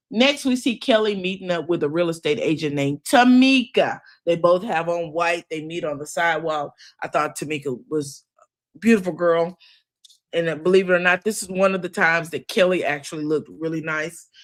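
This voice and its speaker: A woman's voice: fairly low pitch, normal speed. A woman hosting a casual recap of a reality TV episode, chatty and opinionated, often calling her listeners "child" and "girl.".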